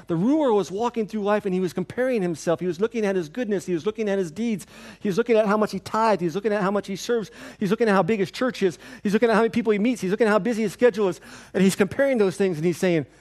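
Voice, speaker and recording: A pastor preaching a sermon in a church, with an earnest, repetitive cadence. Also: male voice, high-pitched, very fast, hardly any pauses, darkish tone.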